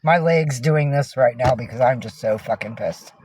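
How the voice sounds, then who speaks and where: A woman livestreaming from inside a minivan, her talk full of swearing and raw anger at viewers. She turns to gentle baby talk whenever she speaks to her cats. A faint hiss of noise sits under her voice. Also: a bass voice, normal speed. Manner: angry profane ranting at viewers. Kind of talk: casual livestream chat.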